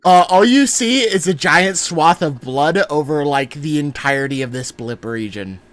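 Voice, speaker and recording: Bright-voiced man running a tabletop game. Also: a little high, lively intonation, moderate pace, dry recording. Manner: joking, swears freely. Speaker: dungeon master. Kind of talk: casual game narration.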